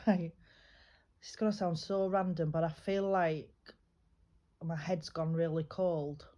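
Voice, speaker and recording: A woman working as a psychic medium, giving a private reading in a chatty, reassuring way, often pausing and restarting her sentences. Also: lowish voice, fairly even intonation, mellow. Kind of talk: private spiritual reading, casual chat.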